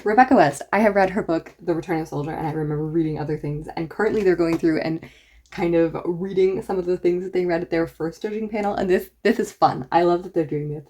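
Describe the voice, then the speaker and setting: Chatty, excited woman book reviewer. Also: lowish voice. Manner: enthusiastic, chatty. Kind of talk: casual reaction vlog.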